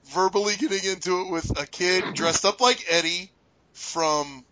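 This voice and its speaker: A man's voice: high voice, a little slow, muffled recording, a loud crowd. A man co-hosting a podcast who chats casually and swears freely. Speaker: podcast co-host. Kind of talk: casual chat.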